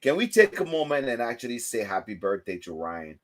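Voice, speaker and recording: A man hosting a casual livestream chat, telling stories with lively, loud acted-out quotes. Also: mid-range voice, fairly quick. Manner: animated storytelling, acts out quotes loudly. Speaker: host.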